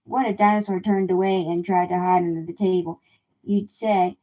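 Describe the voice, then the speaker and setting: A woman reading a children's picture book aloud in a gentle, unhurried way on a livestream. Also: lowish voice, flat delivery, lo-fi sound. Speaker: storybook reader. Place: home livestream.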